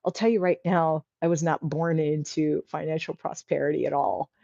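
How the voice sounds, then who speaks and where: Lady chatting on her livestream, mellow lowish voice, cheering people on, dull dry lo-fi sound. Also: steady tone, moderate pace, vocal fry, no echo. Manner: chatty and encouraging, reads viewer comments aloud. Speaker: livestream host. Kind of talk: casual livestream chat.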